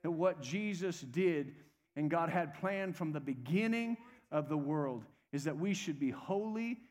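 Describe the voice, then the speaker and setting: A man's voice: a little high, expressive, a little slow, darkish tone. A man preaching a sermon as pastor, urging the congregation to repeat phrases after him. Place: church sanctuary. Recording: long reverb of a church hall.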